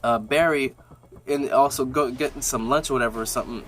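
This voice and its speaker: A man's voice: mid-range voice, steady tone, a little fast, a bit bright, faint music behind. A man casually recapping a TV episode in a rambling, slangy way with lots of restarts.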